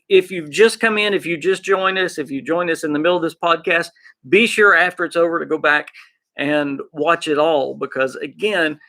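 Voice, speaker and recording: A man with an Arkansas Southern accent hosting a gaming podcast, chatting excitedly and rambling as he talks to his live chat. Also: fairly high pitch. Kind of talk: casual live-stream chat.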